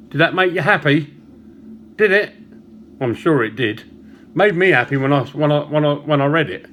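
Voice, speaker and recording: A mid-pitched man tells a shaggy-dog joke to camera in a casual, chatty way. He pauses often and chuckles as he goes. A faint background hiss sits under the recording. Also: lively intonation, a bit bright. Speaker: vlogger.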